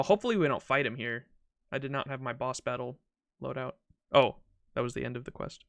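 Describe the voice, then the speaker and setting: A man's voice: medium pitch, a little fast, vocal fry, fairly bright tone, no echo, studio quality. A young man casually chatting as a streamer during a live game playthrough, upbeat and laughing easily.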